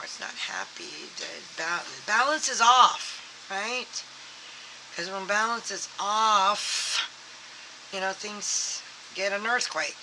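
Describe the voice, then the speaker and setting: A tarot reader gives a casual, rambling reading, heavy on fillers and acting out quoted thoughts. The voice is medium-pitched, bright and forceful, on a rough recording with slight background noise.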